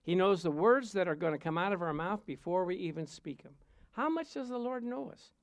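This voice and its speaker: A man's voice: sits high, lively intonation, fairly quick, smooth, no echo. A man preaching a sermon, telling playful personal stories and chuckling between points. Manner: storytelling, playful, chuckles often. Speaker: pastor.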